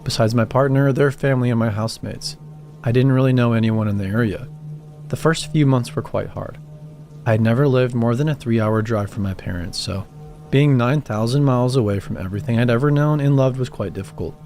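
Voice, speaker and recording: A man calmly reading first-person horror stories as a scripted narration, with music behind him. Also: mid-range voice, fairly quick. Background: background music.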